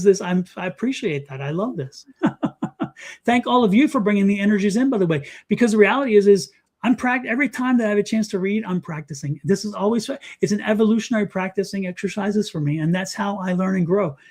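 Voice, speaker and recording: A middle-aged man with a high voice, speaking as a psychic guest on a talk show. He talks in an animated, emphatic way and repeats his commands to drive them home. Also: fairly quick. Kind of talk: live psychic reading and advice.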